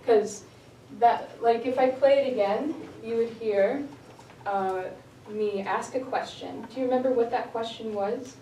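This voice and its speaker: In a distant, echoing recording of a noisy classroom, a woman teaches English with a fairly high, warm voice. She speaks unhurriedly, poses brief questions to the class, and laughs frequently.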